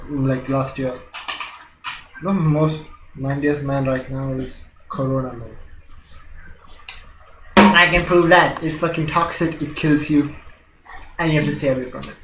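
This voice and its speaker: A man's voice: a little high, background noise. A young man from India, vlogging casually about his week, laughing often and swearing freely in a loose, rambling way. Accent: Indian English with British-leaning vowels. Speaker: gaming channel vlogger. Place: home room, recording near a window. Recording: echoey room with faint music.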